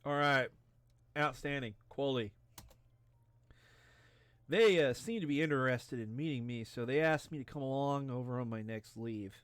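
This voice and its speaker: A tipsy man rambles through a let's play, profane and jokey. His voice sits at an ordinary middle pitch. The sound is dry and close-miked, with no room echo. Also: lively intonation, normal speed, long pauses. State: tipsy from drinking. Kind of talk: drunken let's play commentary.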